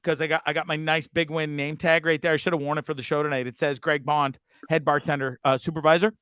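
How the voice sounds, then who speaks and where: A man hosting a casual online show, telling a bar story with animated, laughing, bro-ish banter. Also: fairly high pitch, brisk, clean tone, no echo. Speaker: host.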